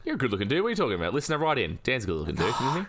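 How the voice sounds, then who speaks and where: A man's voice: mid-range voice, wildly swooping pitch, very fast, fairly bright tone. A man co-hosting a casual podcast, teasing his co-host and talking straight to the listener. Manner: teasing, jokey, talks to the listener.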